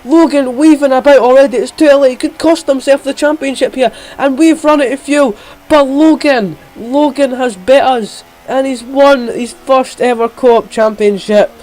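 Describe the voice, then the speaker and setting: Male gamer, very high pitch, excitable race-style play-by-play. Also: rough recording. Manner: rapid, excitable, jumps in pitch at key moments. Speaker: gamer commentating his own racing game.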